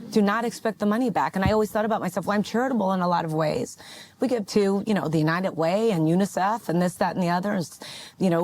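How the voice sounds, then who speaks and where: A woman's voice: lowish voice, a little mellow. A woman giving a candid talk on money and family, stressing her points emphatically and repeating them. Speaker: guest speaker.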